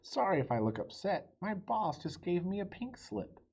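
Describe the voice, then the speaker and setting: A man voicing a sad but kind adult woman in a storybook reading, with a soft, gentle, squeaky delivery. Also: big pitch swings, normal speed, husky, muffled recording, full character voice.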